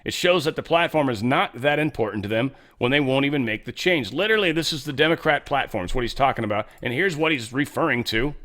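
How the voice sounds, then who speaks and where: A man's voice: mid-range voice, expressive, quick pace, hardly any pauses, fairly bright tone. A man hosting casual political commentary, blunt and opinionated, reading posts and poll numbers aloud.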